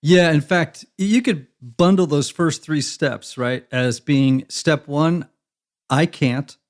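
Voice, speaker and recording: A man's voice: a little high, slow pace. A man speaking as a guest on a conversational interview podcast, earnest and reflective, with emphatic stretches.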